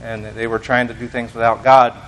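A man's voice: medium pitch, level tone, fairly quick, fairly bright tone. An American man giving an informal sermon to a small congregation, rambling and self-deprecating, full of fillers and restarts. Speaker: lay preacher.

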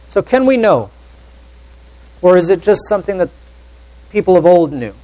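Pausing often at a normal speed, this high-pitched preacher has lively intonation as he reads scripture and questions earnestly. His volume ranges widely, at times dropping nearly to a whisper, and the audio is poor.

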